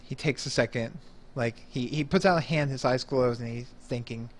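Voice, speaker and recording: A man narrating a tabletop game as game master, in a casual, halting way with fillers and laughter. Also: medium pitch.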